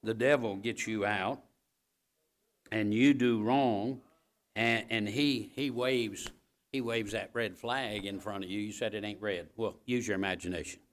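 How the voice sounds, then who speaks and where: A man's voice: fairly low pitch, fairly even intonation, a little slow. Emphatic male preacher, repeating key phrases. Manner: talks straight to the congregation with asides like "all right?". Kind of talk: sermon.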